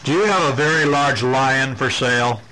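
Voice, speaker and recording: A man's voice: mid-range voice, normal speed, bright, forceful tone, slight background noise, lightly acted, poor audio. A father voicing an eager little girl in a storybook he is reading aloud.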